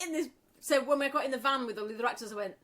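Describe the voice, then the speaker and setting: A woman telling a story in casual chat, animated and laughing often as she acts out what people said. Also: high-pitched, very fast. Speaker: podcast co-host.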